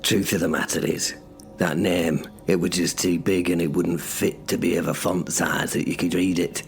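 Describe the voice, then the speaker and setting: Over soft background music, a man with a low, creaky voice speaks in a level tone at a moderate pace. In an audio drama he narrates in first person as a bitter, cursed sorcerer stuck doing menial work, grumbling sardonically and swearing.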